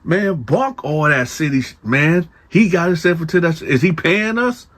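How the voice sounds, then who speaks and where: A man voicing a blunt skeptical inmate, raised pitch, a bit louder. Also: normal speed, lightly acted. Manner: blunt, pushes back.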